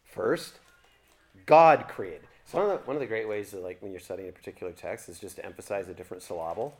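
A man's voice: low-pitched, expressive, racing. A man teaching a church theology seminar, talking conversationally and asking the class questions.

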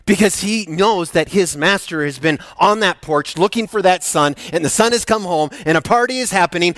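A male pastor preaching an animated sermon, swinging from hushed tones to loud emphasis as he tells a story. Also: sits high, moderate pace, hardly any pauses, no room sound, clean studio sound.

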